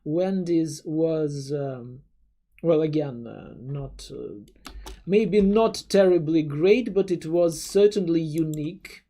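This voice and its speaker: A young adult streamer reading chat takes it slowly, with a warm, medium-pitched voice. A native Russian speaker, they ramble casually with viewers, often stammering into restarts and swearing offhandedly.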